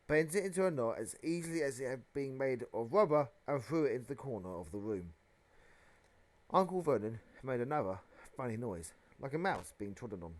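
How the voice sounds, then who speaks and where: A man reading a children's novel aloud as narration, with a dramatic, expressive delivery. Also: medium pitch. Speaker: audiobook reader. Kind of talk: storybook narration.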